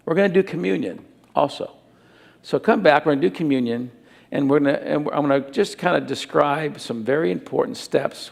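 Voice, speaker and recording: A man preaching a sermon as pastor, earnest and repetitive, often dropping into soft tones. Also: mid-range voice, vocal fry. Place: church hall. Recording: church hall with long reverb.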